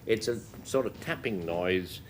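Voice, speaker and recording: A man chairing a panel game show with a brisk, wry manner. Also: fairly low pitch. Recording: noisy 1980s TV studio with audience.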